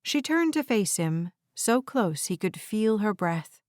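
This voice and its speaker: A woman narrating an audiobook in a measured, even storytelling voice on a close mic. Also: medium pitch, no echo.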